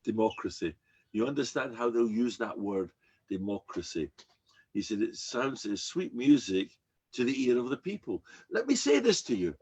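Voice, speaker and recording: An older man, a rabbi, giving an emphatic, animated sermon with frequent repetitions. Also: mid-range voice, moderate pace, breathy edge.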